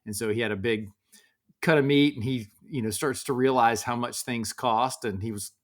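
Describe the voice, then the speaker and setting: A man in his forties, a podcast guest, telling relaxed family stories in casual conversation with frequent restarts. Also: mid-range voice, normal speed.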